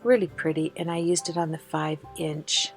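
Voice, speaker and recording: A chatty, enthusiastic woman talks through her crafting in a slightly low voice, sounding out of breath from the flu. Faint music plays underneath her voice-over. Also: fairly even intonation, normal speed. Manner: chatty and enthusiastic, many fillers. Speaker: card-making video host.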